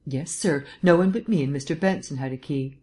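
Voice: medium pitch, a little fast, darkish tone, lightly acted. An audiobook reader voicing an anxious, deferential middle-aged female housekeeper who answers plainly. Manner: nervous, deferential, plain-spoken. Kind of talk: audiobook reading.

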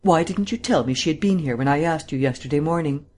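A man's voice: on the high side, fast talker, a little mellow, close to an everyday voice. A man reading an audiobook, voicing an impatient, blunt district attorney.

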